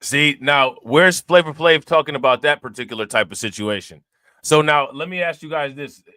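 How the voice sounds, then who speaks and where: A man's voice: on the high side, moderate pace, sharp tone, smooth, dry recording, studio quality. A man hosting a reaction channel, talking casually and firing rhetorical questions at his viewers. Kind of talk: casual commentary.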